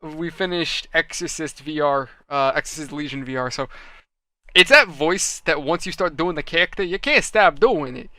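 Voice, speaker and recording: Bright-voiced man in a put-on Boston accent. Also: a little high, expressive, normal speed, dry recording. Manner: rambling, self-mocking, swears offhand. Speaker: hobby model-kit vlogger. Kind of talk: casual chat while building a model kit. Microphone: desk microphone close to his hands.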